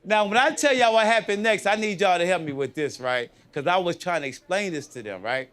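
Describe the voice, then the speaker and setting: A man working a comedy club stage with a high, bouncy voice that swings all over as he tells his stories. He keeps checking in with the crowd and chuckles at his own punchlines. His tone is bright and ringing. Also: brisk. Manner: animated, chatty, keeps asking the crowd "you know what I mean". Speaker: stand-up comedian. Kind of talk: live stand-up storytelling.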